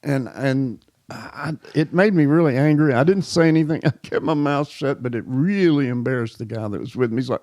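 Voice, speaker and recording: A man's voice: mid-range voice, moderate pace, a little mellow, no echo, studio quality. A man co-hosting a casual chat, telling stories and reacting with wry short exclamations. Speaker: co-host.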